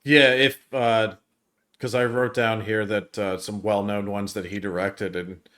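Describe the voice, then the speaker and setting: A man co-hosting a film review podcast, telling stories in an animated way and cursing often. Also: on the low side, measured pace. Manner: animated storyteller, profane. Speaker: podcast co-host. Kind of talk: casual chat.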